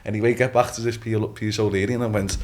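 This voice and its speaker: A man's voice: lowish voice, fast. A young man, a boxer as guest on a podcast, telling stories animatedly and often asking "you know what I mean". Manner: animated storytelling, acts out quotes, swears, repeats "you know what I mean". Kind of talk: casual podcast chat.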